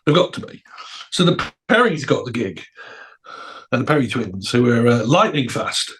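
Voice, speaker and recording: A middle-aged man, a podcast guest, telling anecdotes in an animated way with laughs and repeated words. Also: medium pitch, normal speed. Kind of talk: anecdotal storytelling.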